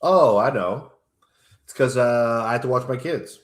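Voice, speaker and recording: A man's voice: mid-range voice, a little slow. A man co-hosting a comedy talk show, chuckling a lot and hesitating with fillers as he trades banter. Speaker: returning co-host.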